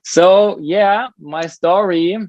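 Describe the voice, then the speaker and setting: A man's voice: sits high, steady tone, drawn-out words, darkish tone, no echo, dull audio. A man from Germany with a German accent, a drummer and drum teacher, talking earnestly as a podcast guest in a drum lesson room. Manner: friendly, earnest, many fillers. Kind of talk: casual interview conversation.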